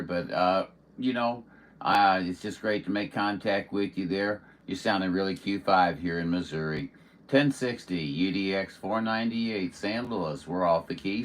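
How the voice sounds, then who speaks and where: A man chatting on CB radio as the host of a livestream, friendly, with drawn-out radio sign-offs, speaking from indoors at home. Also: low-pitched. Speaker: CB radio operator hosting a livestream. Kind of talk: casual CB radio chat.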